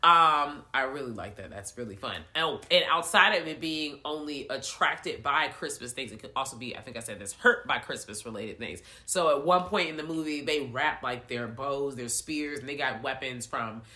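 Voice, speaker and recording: Animated, profane woman recapping a movie. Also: a bass voice, moderate pace, hardly any pauses. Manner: animated, profane storytelling with acted-out voices. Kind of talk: casual movie recap chat.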